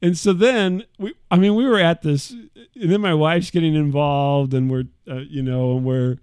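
A middle-aged man co-hosting a podcast, telling a story in a lively, casual way and mimicking the voices of others. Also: fairly high pitch, moderate pace, smooth, no echo, clean studio sound. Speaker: podcast co-host. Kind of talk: casual chat.

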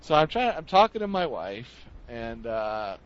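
A man's voice: mid-range voice, big pitch swings, unhurried, clean tone. A man chatting casually with a friend, telling a rambling funny story and acting out the sounds he heard. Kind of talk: casual comedic chat. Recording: dull lo-fi sound.

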